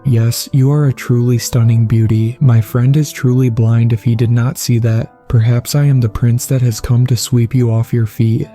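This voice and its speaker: A man voicing a calm, smooth-talking young man who speaks with courtly deference in a horror story. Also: medium pitch, normal speed, hardly any pauses, soft background music, lightly acted.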